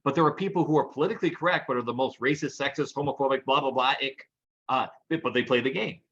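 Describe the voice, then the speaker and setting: A man co-hosting a podcast and telling lively anecdotes in casual chat. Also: mid-range voice, quick pace, muffled recording. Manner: animated anecdotal storyteller. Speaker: podcast co-host.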